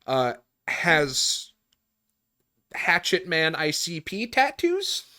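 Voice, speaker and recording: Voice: mid-range voice, extremely slow. A podcast host chatting casually and telling work stories, swearing freely and acting out the people in them. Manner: animated storyteller, swears freely, voices people in the story. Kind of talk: casual podcast chat and storytelling. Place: room at home on a voice chat.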